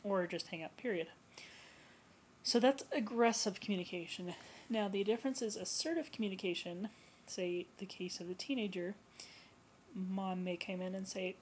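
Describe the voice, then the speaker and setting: Woman counselor in a vlog talk: casual and explanatory, mid-range pitch, recorded on a camera facing her. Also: moderate pace, a little hiss or hum, poor audio. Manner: relaxed, conversational and explanatory. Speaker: eating disorder recovery counselor.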